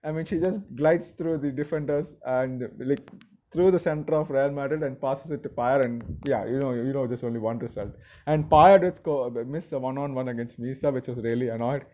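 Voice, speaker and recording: A man giving a casual, opinionated review of a football match, excitable and mocking toward rivals. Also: mid-range voice, moderate pace. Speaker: football vlogger.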